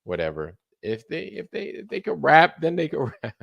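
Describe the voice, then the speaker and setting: A man's voice: fairly high pitch, wildly swooping pitch, normal speed, gravelly, dry recording, highs cut off. A man hosting a livestream, chatting casually with joking, profane banter. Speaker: livestream host. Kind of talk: casual chat.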